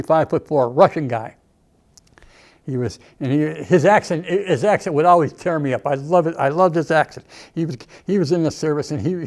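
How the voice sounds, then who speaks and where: A man's voice: on the high side, a little mellow. An older man, an Army veteran, reminiscing emotionally in a documentary interview, often saying "okay" and "you know".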